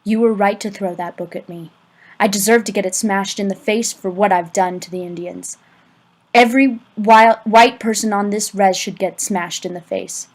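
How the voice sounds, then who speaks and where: In a low-quality amateur audiobook, a woman with a mid-range voice reads the part of an earnest adult male teacher, acting it lightly. Her delivery is urgent and halting, stammering in places, with fairly even intonation.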